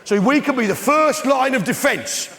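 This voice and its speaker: Blustering English comedian in a big theatre. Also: male voice, extremely high pitch, animated, moderate pace, in a large hall. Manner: blustering, bellowing, loudly indignant. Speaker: stand-up comedian in pub landlord character. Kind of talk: stand-up comedy. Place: large theatre with live audience. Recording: live theatre recording with crowd laughter. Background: audience laughter.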